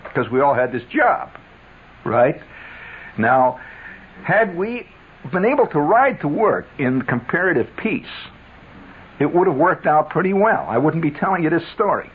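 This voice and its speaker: A man with a husky voice tells a long, digressive story over the radio. His pitch swings widely as he talks. The sound is thin and phone-like, like an old 1970s broadcast. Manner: wry, animated, digressive. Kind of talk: rambling radio monologue.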